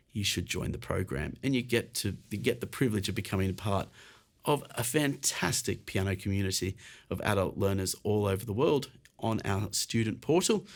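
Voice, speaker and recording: Encouraging British man teaching piano. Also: on the low side. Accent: British English. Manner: encouraging, talks while playing and counting aloud. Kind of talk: casual online piano lesson. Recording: faint piano music behind. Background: piano playing.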